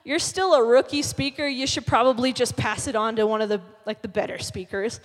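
A woman voicing a sly, pestering male devil who tempts with lies, in a lowered, hushed, wheedling voice. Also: a little fast, close to an everyday voice. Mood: sneering. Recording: long reverb of a large hall.

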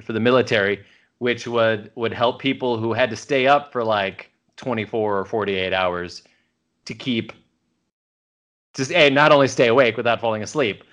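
On a casual podcast, a male co-host with a mid-range voice and a moderate pace recaps a TV episode. He tells it as an animated story, acting out the quoted lines of dialogue as he goes.

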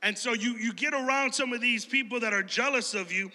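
Bright-voiced joking preacher in a hall. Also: male voice, very high voice, fairly quick. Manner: animated, conversational, jokey storyteller. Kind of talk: sermon.

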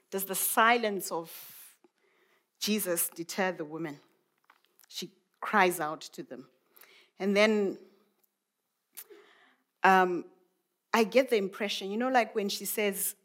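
A woman, a mother, preaching a sermon in a reflective way, musing aloud with many rhetorical questions. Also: on the low side. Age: adult mother.

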